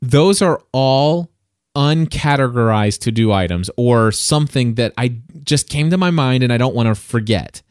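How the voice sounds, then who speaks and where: A man's voice: medium pitch, animated, moderate pace, smooth, no room sound, clean studio sound. A man co-hosting a casual tech podcast, rambling and restarting his sentences in a playful way. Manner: rambling, self-interrupting, playful. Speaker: podcast co-host.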